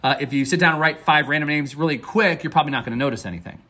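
A man hosts a motivational podcast as a success coach. His voice sits a little high and has a husky, breathy edge. He talks in an upbeat, earnest, loose way with fillers and restarts. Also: racing, sharp tone.

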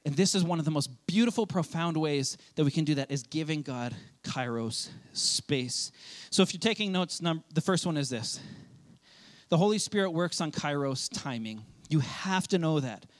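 A man, a pastor, preaching a sermon in a loose, conversational way, acting out quick quoted asides. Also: a little high, animated.

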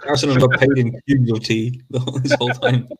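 A man's voice: medium pitch, little pitch movement, fast, slightly rough. A man, rambling with mock seriousness and swearing freely in a casual podcast chat.

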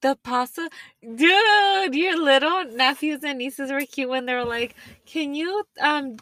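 A young woman guest in casual chat, reacting with drawn-out exclamations. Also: sits high, sharp tone, no room sound.

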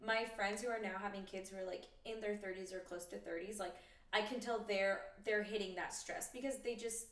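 A woman's voice: mid-range voice, steady tone, a little fast, fairly bright tone. A woman in her thirties, a podcast guest and mother, chatting casually, laughing often and poking fun at herself. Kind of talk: casual chat. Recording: roomy, slightly distant mic.

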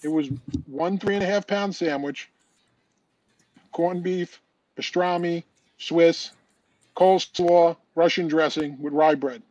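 A man's voice: a little high, fairly even intonation, slow, pauses often, a little mellow, no echo, rough recording. A man, a competitive eater telling stories and jokes as a podcast guest, talking over a remote call with many restarts. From Long Island, New York. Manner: rambling joke-telling with restarts. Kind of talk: casual storytelling on a podcast call.

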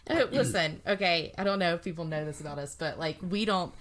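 A woman's voice: lowish voice, a little fast. A woman co-hosting a podcast in casual chat, chatty and laughing often. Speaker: podcast co-host.

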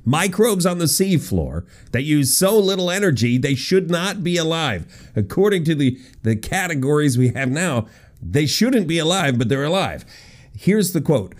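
Lively jokey man hosting a news countdown. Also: fairly high pitch, moderate pace. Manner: wry, animated, jokey asides. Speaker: podcast host.

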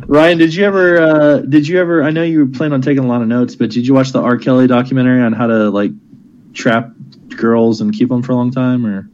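A man chats loosely with friends on a podcast, wandering from one show to the next and cursing along the way. His voice has a middling pitch, and the recording sounds a little muffled and lo-fi. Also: steady tone, fairly quick, a little mellow, a little hiss or hum. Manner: rambling, laughs a lot, swears casually. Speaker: podcast co-host. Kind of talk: casual chat among friends.

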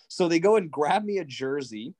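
A man, telling a racing story in a casual, excitable way and acting out quotes. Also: on the high side, moderate pace. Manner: animated, excitable, acts out quotes. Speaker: guest, racing driver coach.

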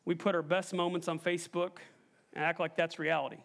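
High-voiced man preaching emphatically. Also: flat delivery, a little fast, creaky, a bit bright. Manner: emphatic, asks the congregation questions. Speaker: pastor. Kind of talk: sermon.

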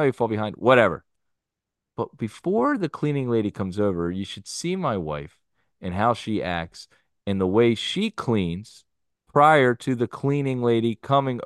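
Smooth, low-voiced podcast host man. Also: no room sound, clean studio sound. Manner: easygoing, steering the topics. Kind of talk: casual chat.

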